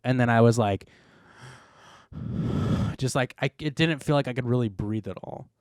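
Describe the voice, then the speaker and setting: A man's voice: medium pitch, unhurried, a little mellow, clean tone, no echo, clean studio sound. A young man hosting a podcast, telling a long story in a rambling, laid-back way with lots of fillers. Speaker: podcast host. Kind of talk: casual chat.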